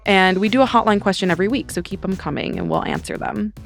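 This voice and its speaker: Gravelly-voiced woman podcast host. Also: mid-range voice, wildly swooping pitch, fast talker, soft background music. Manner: chatty, frequent "like" fillers. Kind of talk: casual podcast chat.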